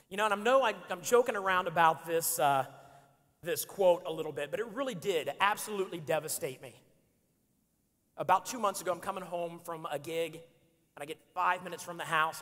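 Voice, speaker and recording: Bright-voiced joking man in a reverberant hall. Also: high voice. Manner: animated, joking storyteller. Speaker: speaker. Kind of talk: storytelling sermon. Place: church auditorium. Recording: long hall reverb in a church.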